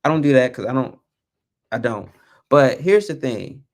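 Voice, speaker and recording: A young man hosting a live stream talks expressively at normal speed, casual and animated. He rambles and sometimes loses his train of thought, keeping his voice low so he won't wake the kids.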